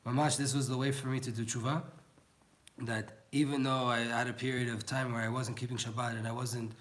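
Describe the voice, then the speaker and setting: A man's voice: mid-range voice, little pitch movement, a little fast, a bit bright. A young man giving an informal Torah class, earnest and pleading, mixing in words. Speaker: Torah teacher.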